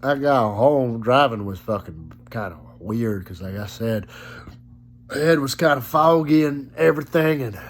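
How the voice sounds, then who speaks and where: A man's voice: medium pitch, animated, a little slow. A young man telling a rambling, profane story about being sick, recorded at home while he is still coughing a little. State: still coughing after illness. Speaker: vlogger. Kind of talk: casual storytelling vlog. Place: at home on his sofa.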